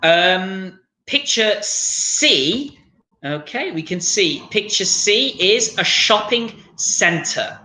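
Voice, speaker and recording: An upbeat man leads an online English lesson over a video call, his fairly high voice bright and forward. He keeps things encouraging and stretches out words slowly to model them. The sound carries a noticeable echo from the room around him. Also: expressive. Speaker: English teacher.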